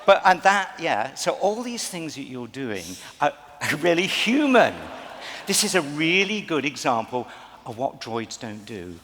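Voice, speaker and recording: On a large convention hall stage, a man coaches audience volunteers in live banter, playful, theatrical, and often laughing. His voice is on the high side, sing-song and a little slow with a fairly bright tone, and the recording has long hall reverb plus crowd noise.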